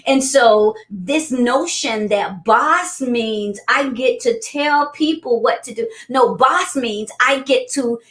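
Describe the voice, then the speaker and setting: A middle-aged woman chatting as a guest business coach, telling animated stories and acting out quotes. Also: takes it slowly, hardly any pauses. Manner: animated storyteller, acts out quotes in high voices. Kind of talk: casual chat. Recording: echoey room.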